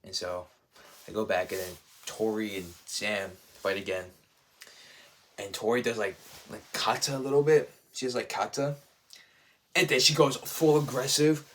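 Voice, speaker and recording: A man giving a casual, excited recap as a reviewer, rambling and leaning on "like", "dude" and "bro". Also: medium pitch, normal speed. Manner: enthusiastic, rambling, heavy use of "like", "dude" and "bro".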